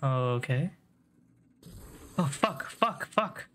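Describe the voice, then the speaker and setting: A man's voice: medium pitch, expressive, drawn-out words, fairly bright tone, a little hiss or hum. A man streaming a video game live, chatting casually, joking, swearing and laughing a lot as he plays. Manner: jokey, laughs often, swears, teases chat. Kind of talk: casual live gameplay commentary.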